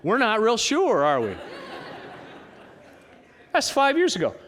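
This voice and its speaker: A man preaching a sermon as pastor, conversational and animated, asking the congregation rhetorical questions. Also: high voice, slow, big-room sound, some chatter behind, slight background noise. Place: church sanctuary with congregation.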